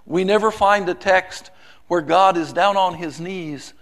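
A man preaching a sermon, reciting a poem with dramatic swings from loud pleading to hushed softness. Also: high-pitched, measured pace.

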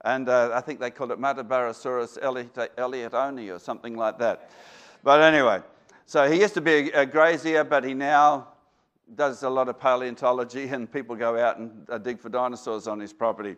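A man's voice: medium pitch, fairly even intonation, a little fast, fairly bright tone. A man with an Australian accent, a guest speaker giving a rambling, folksy talk to an audience, full of fillers and restarts.

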